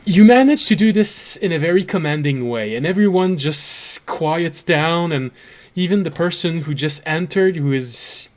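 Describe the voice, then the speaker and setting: A man narrating a tabletop game as game master, unhurried and pausing often. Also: fairly high pitch, lively intonation. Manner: unhurried narration with fillers and restarts.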